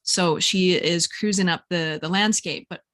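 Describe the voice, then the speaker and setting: A woman hosting a podcast, telling lively stories in casual chat and acting out what people said. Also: lowish voice, a little slow. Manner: animated storyteller, acts out voices, laughs often. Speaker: podcast host.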